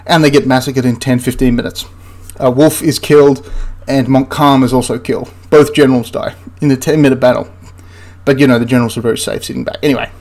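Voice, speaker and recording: A man's voice: mid-range voice, darkish tone. A man giving casual commentary over film clips as a history commentator, sarcastic and exasperated, laughing in disbelief.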